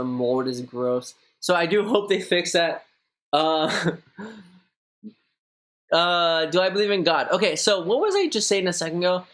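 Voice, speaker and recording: A man's voice: fairly high pitch, a bit bright. A young man streaming, reading viewer messages aloud and chatting casually in a rambling way, full of filler words. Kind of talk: casual live-stream chat.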